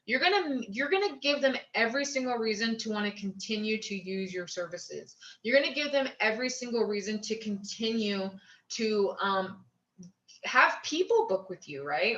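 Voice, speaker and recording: A woman coaching fellow travel agents in a casual, chatty way, upbeat and quick to act out little dialogues with clients. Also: a little high, expressive, a bit bright. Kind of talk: casual advice talk. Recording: roomy, slightly dull sound.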